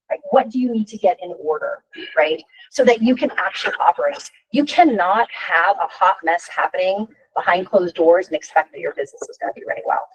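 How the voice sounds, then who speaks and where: Woman, 50s, workshop coach, husky, animated pitch, frank, chatty. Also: low-quality recording. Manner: chatty, with frequent rhetorical "right?". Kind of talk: workshop talk.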